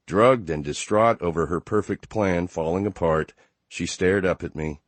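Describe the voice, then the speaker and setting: Deep-voiced male audiobook narrator. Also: no room sound. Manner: steady first-person storytelling. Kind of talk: scripted narration.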